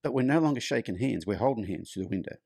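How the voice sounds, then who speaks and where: A man's voice: mid-range voice, animated, fast talker, creaky, a little mellow, no room sound, clean studio sound. A middle-aged man, a horse clinician, telling a long personal story in a loose, chatty way as a podcast guest. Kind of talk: storytelling in conversation.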